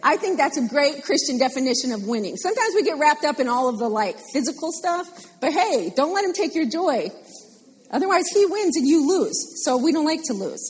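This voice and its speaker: A woman preaching a sermon in a lively, animated way, repeating phrases for emphasis. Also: high voice, fairly quick. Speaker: pastor. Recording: long hall reverb.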